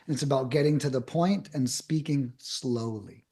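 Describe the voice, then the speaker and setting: A man on a podcast as a guest, giving blunt, emphatic advice in fast bursts with casual swearing. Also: mid-range voice, warm tone.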